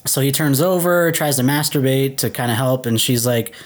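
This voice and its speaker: A man's voice: medium pitch, normal speed. Laughing, rambling male podcast co-host. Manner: joking, laughs often; loose, rambling with fillers. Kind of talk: casual chat.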